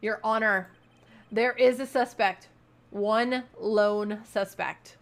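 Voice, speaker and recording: A woman's voice: mid-range voice, fairly even intonation, takes it slowly. A woman voicing an earnest young male defense attorney from a game, pressing his point. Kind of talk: reading game dialogue aloud.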